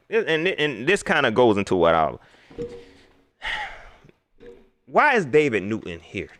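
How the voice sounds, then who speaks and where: A man hosting a casual livestream sports talk show, animated and slangy, repeating himself as he talks straight to his viewers. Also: medium pitch, measured pace, long pauses.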